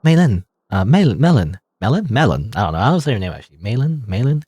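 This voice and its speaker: A man's voice: medium pitch, very animated, fast, dark tone, slight background noise. A man reading a story game aloud dramatically, with joking asides and laughs at his own slips. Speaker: let's play host.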